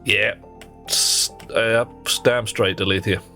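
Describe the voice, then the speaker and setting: A man with a fairly low voice chats on a live game stream. He teases his viewers in a playful, cheeky way, then drifts into muttering to himself about what he needs next. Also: steady tone, takes it slowly, vocal fry, pushed and bright, soft background music. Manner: playful, teasing banter with viewers; talks to himself while working. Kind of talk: casual live-stream chat while playing.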